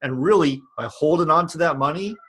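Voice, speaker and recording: A man's voice: on the high side, fairly quick, fairly bright tone, slight background noise. A man vlogging about online business, giving a passionate, repetitive motivational rant.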